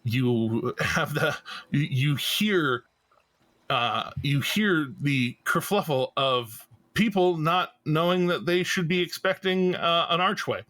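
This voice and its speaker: A man narrating as game master of a tabletop game, halting and restarting often. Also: on the high side, fairly bright tone, no room sound, poor audio. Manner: slow, halting narration with many fillers and restarts.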